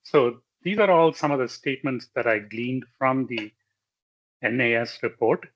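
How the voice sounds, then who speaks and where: A male lecturer giving a technical slide presentation in a measured way, pausing often with fillers and correcting himself. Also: medium pitch, a bit bright. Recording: slightly dull lo-fi audio.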